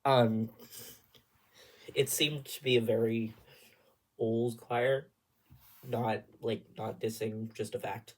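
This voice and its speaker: A young man chatting in a casual vlog, telling a long, rambling story with animated asides and sudden dips into whispering. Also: mid-range voice, slow pace, long pauses. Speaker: vlogger.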